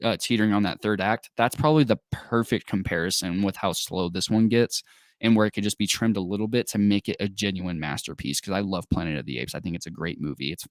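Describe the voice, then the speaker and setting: Man, low voice, casual film chat, enthusiastic, rambling, dry sound. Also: fast talker, no echo. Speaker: podcast co-host.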